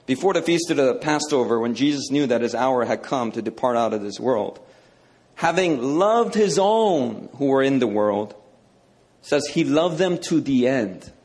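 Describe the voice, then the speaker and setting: A man's voice: medium pitch, animated, a little slow, darkish tone. A male preacher teaching a sermon in a conversational, emphatic way, often checking in with "okay".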